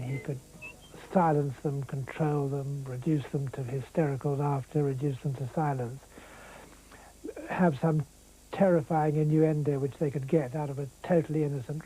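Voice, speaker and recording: A man, a barrister, giving measured, reflective interview commentary. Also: a little high, fairly even intonation, dark tone, soft background music, low-quality recording. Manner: measured, reflective, with small restarts.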